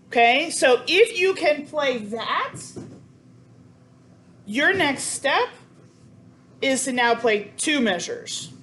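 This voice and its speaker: Lady cello teacher counting out beats, kinda high voice, noise behind. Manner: counts beats aloud and apologizes often. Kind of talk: coaching a sectional. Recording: noisy room sound.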